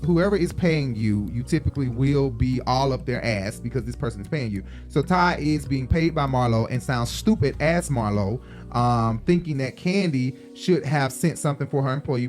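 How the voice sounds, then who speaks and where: A man hosting a casual recap of a reality show in a mid-pitched voice. He sounds chatty and opinionated, and he pads his points with frequent ums. Faint music plays under him. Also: lively intonation, moderate pace.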